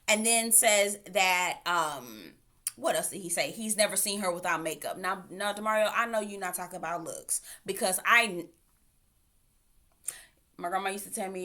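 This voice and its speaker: Woman ranting about a dating show, bright and punchy, sassy and animated. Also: mid-range voice, normal speed. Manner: animated, opinionated, sassy asides. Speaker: TV reality show reviewer. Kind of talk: casual recap and commentary vlog.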